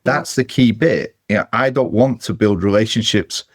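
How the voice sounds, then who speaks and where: A man who hosts a podcast and works as a therapist, speaking in a reflective, measured way and slowing down to stress his points. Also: lowish voice, no room sound, studio quality. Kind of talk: podcast interview.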